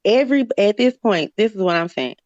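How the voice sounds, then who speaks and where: A woman's voice: mid-range voice, animated, a little fast, a little mellow, no echo. Blunt, profane woman on a muffled stream. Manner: blunt, profane, insistent, repeats "you know what I'm saying". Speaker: live stream panelist. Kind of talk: heated casual argument. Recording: dull muffled stream audio, dry.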